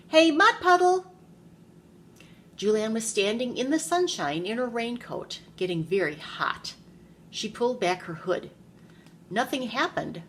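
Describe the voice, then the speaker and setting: A preschool teacher, a woman, reads a picture book aloud to young children in an animated storytelling voice. She pauses to ask them questions as she goes, at a middle pitch. Faint room noise sits behind her. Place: classroom.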